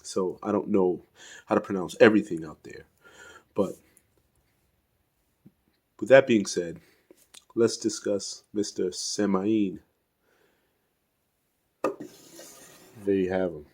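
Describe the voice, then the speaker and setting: A man's voice: sits low, slow pace, pauses often, a little mellow. A man casually reviewing an action figure, rambling with many fillers and restarts and stumbling over names he can't pronounce. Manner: self-deprecating, fumbles pronouncing names. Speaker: toy reviewer. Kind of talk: casual unscripted toy review.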